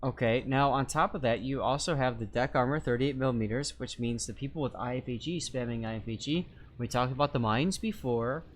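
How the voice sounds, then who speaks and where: A male streamer speaks at an ordinary, middle pitch, easygoing and talkative as he answers chat and explains game mechanics. He thinks aloud through calculations, correcting himself as he goes. A soft layer of background noise sits under his voice. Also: a little fast, few pauses. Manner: chatty, explains step by step, reads chat aloud. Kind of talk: live-stream game commentary.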